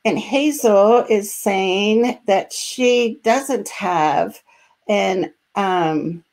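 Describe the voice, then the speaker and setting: A woman leads a live online training with a calm, encouraging delivery. She speaks unhurriedly, with frequent fillers, at a medium pitch. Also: very slow. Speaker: host and special education advocacy trainer.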